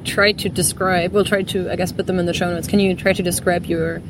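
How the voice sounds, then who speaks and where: A woman's voice: fairly low pitch, flat delivery, a little fast. A woman hosting a podcast, asking short prompting questions in casual chat, recorded outdoors on a lawn at night. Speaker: podcast host. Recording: outdoor recording with background noise.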